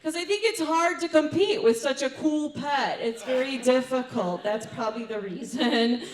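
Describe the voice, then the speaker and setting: A middle-aged woman performing a stand-up comedy set, chatty with quick asides and laughing at her own jokes. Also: high-pitched.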